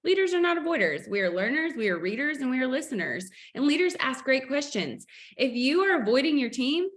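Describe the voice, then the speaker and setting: A woman's voice: sits high, sing-song, brisk, fairly bright tone. A woman hosting a sales team video call, upbeat and preachy, acting out family stories as she motivates her team.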